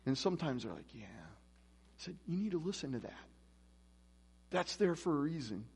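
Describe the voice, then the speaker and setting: In a church with an echoing hall, a man preaches a laid-back, conversational sermon and acts out quoted voices in his stories. His voice is a little high, gravelly and husky, swinging widely in pitch at a normal speed.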